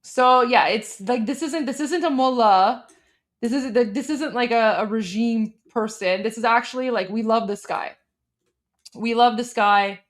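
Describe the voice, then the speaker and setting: A woman's voice: on the high side, unhurried. A woman from Iran hosting a casual livestream, talking loosely with lots of fillers and restarts as she explains a meme. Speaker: host.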